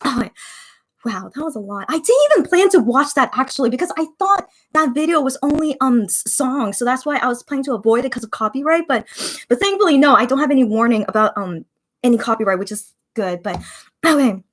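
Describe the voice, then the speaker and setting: A young woman hosts a casual watch-party livestream, chatting emotionally with fans and reading their comments aloud. Her voice is high and expressive, her pace fairly quick, and her manner gushing and chatty.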